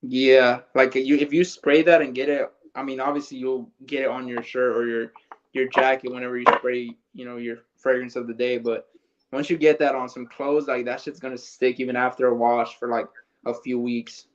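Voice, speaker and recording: A man's voice: mid-range voice, flat delivery, moderate pace, lo-fi sound. A man, chatting casually as a guest in a laid-back way and swearing freely. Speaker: guest co-host. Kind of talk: casual chat.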